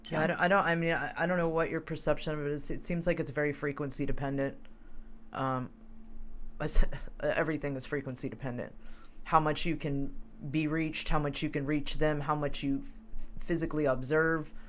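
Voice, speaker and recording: Halting, reflective talk show host. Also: mid-range voice, steady tone, a little hiss or hum. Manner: reflective, halting, repeats words. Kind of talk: casual spiritual talk.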